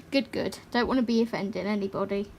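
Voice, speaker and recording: Woman chatting away on a craft livestream, high-ish voice, bit rambly. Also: slight background noise. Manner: chatty and rambling, quick to laugh. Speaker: livestream host. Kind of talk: casual chat while colouring.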